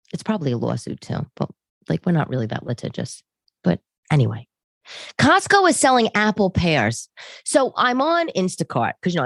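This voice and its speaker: A woman in her forties with a low voice and a New York accent, recorded with no room sound. She's a comedian hosting a podcast from her living room, rambling through a chatty monologue full of asides.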